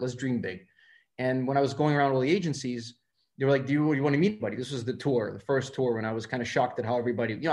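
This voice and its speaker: Fast-talking man. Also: medium pitch. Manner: fast, animated, acts out quoted dialogue. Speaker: film director, guest. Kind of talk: casual interview storytelling.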